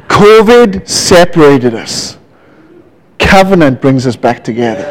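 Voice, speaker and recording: Pastor, male, high voice, animated storytelling sermon. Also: rough recording. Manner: lively, animated preaching with storytelling.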